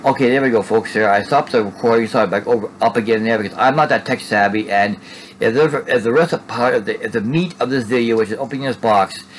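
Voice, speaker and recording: A man's voice: mid-range voice, fast, a little hiss or hum, poor audio. A man casually narrating an unboxing at home, rambling and tacking "there" onto his sentences. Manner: rambling, repeats "there" and restarts often. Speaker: Funko collector vlogger.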